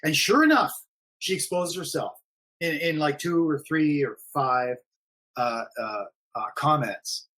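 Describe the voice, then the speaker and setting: Brief: husky, slightly higher-voiced man, chatty forum admin on a stream, rambles and repeats. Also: lively intonation, unhurried, sharp tone. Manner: rambling, repeats himself, frequent fillers. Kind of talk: casual live-stream conversation.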